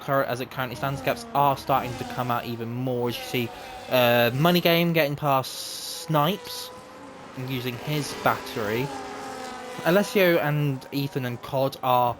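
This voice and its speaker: A man's voice: medium pitch, normal speed, noisy background. Chatty man commentating a sim race. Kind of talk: live sim-racing commentary.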